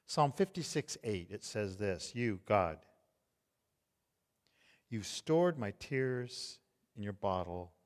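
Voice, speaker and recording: A middle-aged man preaching a tender, hushed sermon as pastor. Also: fairly low pitch, big pitch swings, in a large hall. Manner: slow, tender, hushed delivery.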